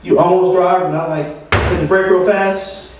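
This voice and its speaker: High-voiced man ranting at an open mic. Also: fairly even intonation, moderate pace, heavy background noise. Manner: rambling, ranting storytelling. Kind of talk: stand-up comedy. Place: open mic venue with audience. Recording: echoey room from far off, audience.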